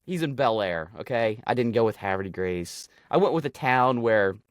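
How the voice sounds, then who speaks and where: A man's voice: medium pitch, animated, normal speed, no echo, studio quality. Profane rambling male storyteller. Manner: rambling, profane, self-mocking. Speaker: podcast co-host. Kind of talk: casual chat, comic storytelling.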